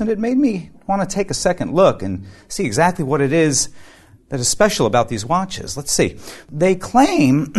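Man host, live stage show, animated pitch, chatty, fillers. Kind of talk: live podcast news segment. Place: stage before a live audience in New York.

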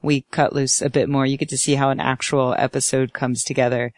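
A woman co-hosting a podcast, chatting casually and plugging upcoming events with quick asides. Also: rumbling low, level tone, dry recording, clean studio sound. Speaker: podcast co-host. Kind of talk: casual panel chat and announcements.

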